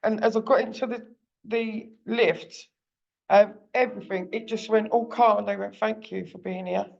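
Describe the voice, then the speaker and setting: Gravelly-voiced woman, blunt storyteller. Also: mid-range voice, steady tone, moderate pace, a little mellow, muffled recording. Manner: blunt, plain-spoken storytelling with acted-out quotes. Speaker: parent advocate. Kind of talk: telling a personal story in a seminar.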